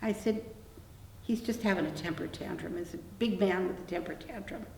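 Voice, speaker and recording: A woman's voice: medium pitch, moderate pace. Older woman telling a blunt story, roomy. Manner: animated anecdote with quoted dialogue, blunt and wry. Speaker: interview guest. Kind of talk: storytelling in an oral-history interview. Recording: roomy echo, distant mic, faint room hum.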